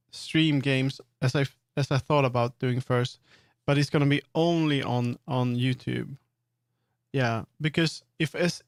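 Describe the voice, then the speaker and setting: A man's voice: mid-range voice, no room sound. Rambling man streamer, dry sound. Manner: rambling, trails off and restarts often; playfully drills words over and over. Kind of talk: casual live-stream chat.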